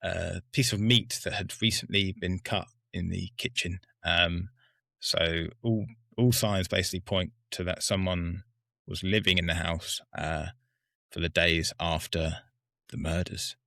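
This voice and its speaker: A man with a lowish, gravelly voice full of fry walks through the facts on a podcast in an easy, conversational way. His voice sits close and dry on the mic. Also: steady tone, measured pace, bright, forceful tone, no echo. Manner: factual, recaps case details. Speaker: podcast co-host. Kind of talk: casual chat.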